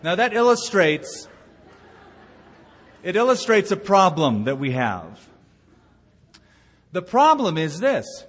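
A male pastor preaching a sermon in a large church, his slightly raised voice trailing off into a long hall reverb. He moves from a quiet opening into storytelling and emphatic, driving points. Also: high-pitched, very animated, slow, pauses often, slightly rough.

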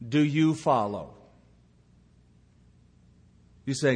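A man's voice: medium pitch, lively intonation, normal speed, hardly any pauses, husky. A male pastor delivering a sermon, telling a story and building to emphatic points. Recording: long reverb of a church hall.

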